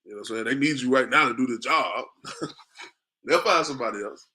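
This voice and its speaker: A man's voice: medium pitch, lively intonation, brisk, sharp tone. A man teaching a class in a preaching style, firing rhetorical questions at his listeners and calling them "man" over and over, with frequent chuckles. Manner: chuckles often while talking. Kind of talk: street-preaching class lecture.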